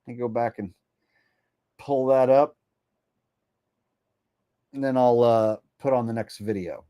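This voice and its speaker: A man's voice: medium pitch, steady tone, a little slow, warm tone, clear, resonant tone, dry recording, clean studio sound. A man hosting a casual livestream, rambling and swearing as he reads out donations. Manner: rambling and profane, with frequent fillers. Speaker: livestream host.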